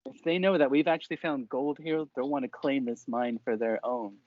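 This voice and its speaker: A man's voice: mid-range voice, fairly even intonation, normal speed, phone-quality sound, lightly acted. A man voicing a wary, nervous male dwarf who leads a mine of former slaves and keeps repeating himself when pleading.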